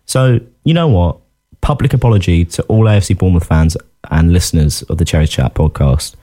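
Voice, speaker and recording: A man's voice: low-pitched, fairly quick, warm tone. A man co-hosting a casual football podcast, chatty and self-deprecating, often laughing. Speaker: podcast co-host.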